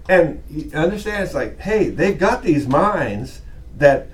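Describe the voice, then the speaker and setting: A man's voice: fairly high pitch, big pitch swings, takes it slowly, recorded from a distance, slight background noise. A man lecturing a college class in a chatty way, often acting out little voices as he teaches, recorded in a classroom.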